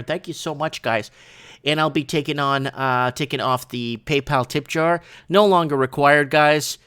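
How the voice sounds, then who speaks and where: A man hosting a casual livestream from his shop, rambling and excitable, often restarting and asking "right?". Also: a little high, clean tone. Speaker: livestream show host.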